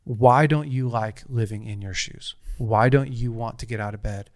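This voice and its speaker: A man's voice: medium pitch, normal speed, darkish tone, dry recording, clean studio sound. A man in his thirties telling a personal story in casual conversation, earnest and rambling, with frequent restarts.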